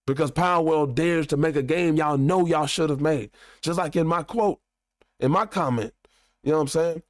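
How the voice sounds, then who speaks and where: A man's voice: on the high side, no room sound, clean studio sound. Heated, profane man ranting. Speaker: show host. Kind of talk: ranting commentary.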